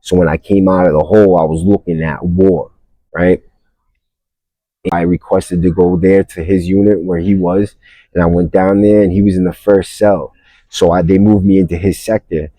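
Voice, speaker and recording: A man's voice: low voice, flat delivery, normal speed, warm tone, dry recording, low-quality recording. A man hosting a podcast, telling a story casually in blunt street slang and calling the listener bro. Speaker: podcast host.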